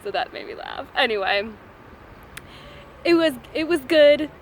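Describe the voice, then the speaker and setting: A woman's voice: high voice, lively intonation, measured pace, a little hiss or hum. A woman telling a story in a casual vlog, chatty, laughing often, and acting out what others said. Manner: chatty, laughs often, acts out quoted lines. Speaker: short story writer.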